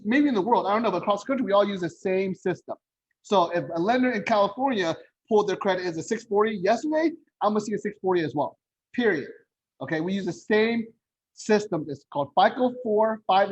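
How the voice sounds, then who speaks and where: A man's voice: high voice, husky, muffled recording. A man presenting a home buying workshop as a loan officer, talking bluntly and repeating his key points.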